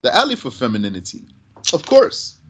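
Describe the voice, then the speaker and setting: Animated man teaching Arabic grammar. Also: medium pitch, a little fast, husky. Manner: animated, asks and answers his own questions. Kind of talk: explaining a grammar text.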